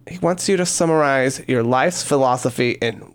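A man's voice: medium pitch, normal speed, smooth. A man hosting a podcast, joking and teasing as he reads listener questions. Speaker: podcast host. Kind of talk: casual podcast chat.

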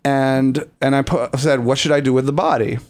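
A man's voice: medium pitch, fairly even intonation, normal speed. A man co-hosting a podcast in campy, playful casual chat, laughing often. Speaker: podcast co-host.

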